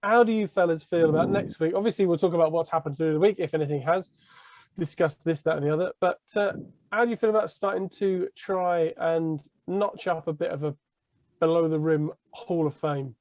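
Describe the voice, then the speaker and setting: A man's voice: on the high side, fairly quick, a little mellow, no echo. A man co-hosting a casual podcast chat, rambling and laughing mid-sentence. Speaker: podcast co-host. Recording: dull lo-fi audio.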